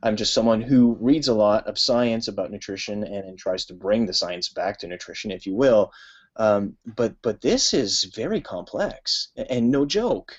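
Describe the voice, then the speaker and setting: Lowish guy cohost, careful and hedgy, restarts a bit, dull lo-fi sound. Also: normal speed. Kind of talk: casual podcast chat.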